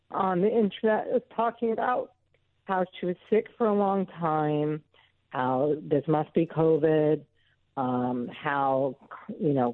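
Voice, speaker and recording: A woman's voice: deep voice, no echo. A woman guest telling stories in an earnest, emotional way during a phone interview. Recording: tinny phone line.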